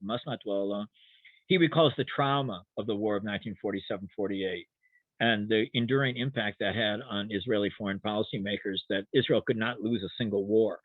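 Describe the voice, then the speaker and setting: A man's voice: fairly low pitch, a little fast, no room sound. An older man, a historian guest in an academic webinar, talking hesitantly with many restarts and fillers over a video call. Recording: tinny phone-like line, dry.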